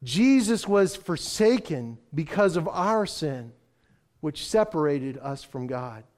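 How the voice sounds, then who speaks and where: Guy preaching a sermon, higher voice, slow and dramatic, gets loud then real quiet. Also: sing-song. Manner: dramatic swings from loud to hushed, slow emphatic delivery. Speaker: pastor.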